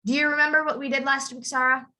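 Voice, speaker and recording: A woman's voice: high-pitched, level tone, fast, sharp tone. A young woman teaching English pronunciation in an online class. She is patient and repeats example words over and over to model the stress. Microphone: video call.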